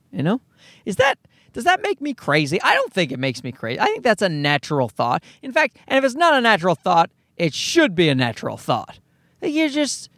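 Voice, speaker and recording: A man's voice: sits high, wildly swooping pitch, normal speed, fairly bright tone, no room sound, studio quality. A man in his thirties hosting a podcast, delivering a rambling comedic monologue full of swearing and asides. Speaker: podcast host.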